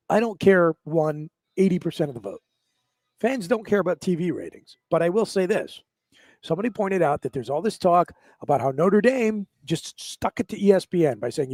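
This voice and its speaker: A man's voice: high-pitched, expressive, normal speed, darkish tone, no room sound. A man hosting a sports talk radio show, ranting sarcastically about college football.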